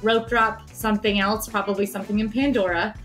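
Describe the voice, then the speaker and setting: A woman co-host in a casual panel chat, upbeat and giving clear, practical tips. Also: mid-range voice, steady tone, fairly quick, fairly bright tone, faint music behind. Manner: upbeat, explains plans clearly.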